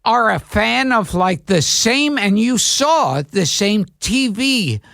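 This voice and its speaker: A man in his sixties from New York, co-hosting a podcast and telling childhood stories in a gravelly, drawn-out way. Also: high voice, expressive, a bit bright, no echo, clean studio sound. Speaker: podcast co-host. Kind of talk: casual chat.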